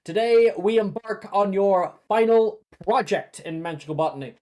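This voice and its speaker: A game master voicing a cheerful, slightly clumsy male herbology professor in a fan tabletop game, talking with loud, high enthusiasm. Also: normal speed, close to an everyday voice. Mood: enthusiastic. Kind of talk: tabletop role-play voice.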